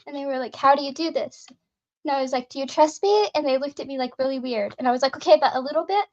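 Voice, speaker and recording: High-voiced chatty woman telling stories. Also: quick pace, muffled recording. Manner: lively anecdotes, frequent fillers, acts out both sides of dialogue. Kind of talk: casual storytelling chat.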